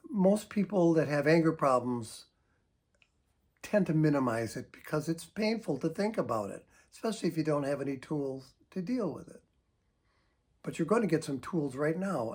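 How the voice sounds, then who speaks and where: An older man, a psychotherapist, giving earnest, emphatic advice straight to camera and showing how to sigh out deep breaths. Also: husky. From United States. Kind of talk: direct-to-camera advice talk.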